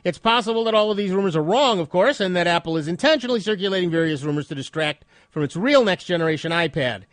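A man's voice: sits high, lively intonation, quick pace, no room sound. A man hosting a radio tech show, stuffed up from a cold, chatting and reading news with wry asides. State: stuffed up nose.

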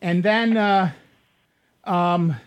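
A man's voice: high-pitched, steady tone, very slow, clear, resonant tone. A man hosting a call-in computer radio show, talking casually and walking callers through steps in a rambling, chatty way. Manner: chatty, rambling, explains step by step. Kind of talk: call-in radio tech advice. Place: radio studio. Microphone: studio microphone.

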